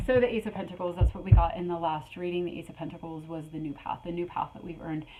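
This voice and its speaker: A middle-aged woman giving a spiritual tarot reading in a rambling way, repeating her phrases and filling pauses, a little out of breath. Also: on the low side, steady tone, music in the background, low-quality recording. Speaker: tarot reader.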